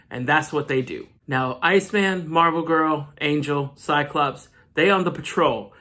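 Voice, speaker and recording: A man's voice: on the high side, measured pace, few pauses, pushed and bright. Male comic vlogger, casual recap, playful slangy commentary. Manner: joking, slangy asides. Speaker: comic book reviewer.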